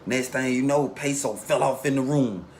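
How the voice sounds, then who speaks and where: A man casually telling a long story in a relaxed street way, acting out the voices of the people in it. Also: medium pitch, moderate pace, a little hiss or hum. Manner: laid-back street storytelling, acts out quotes.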